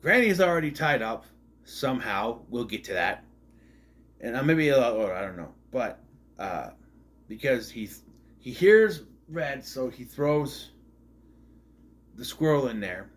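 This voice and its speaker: Male reviewer, mid-pitched voice, rambling and sarcastic, casual delivery. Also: big pitch swings, measured pace, pauses often. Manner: rambling, sarcastic, with frequent asides and restarts. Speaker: movie reviewer. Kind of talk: casual spoken movie review.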